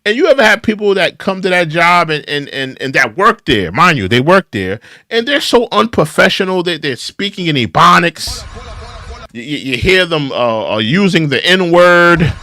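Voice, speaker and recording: Lively high-voiced male commentator. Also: normal speed, dry recording. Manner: animated, critical, repeats phrases. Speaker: commentary show host. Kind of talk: opinionated commentary on clips.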